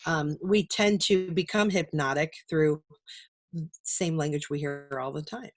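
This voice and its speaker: Lower-voiced older woman, hesitant guest. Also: steady tone, measured pace. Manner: hesitant, lots of ums, thoughtful. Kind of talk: casual chat.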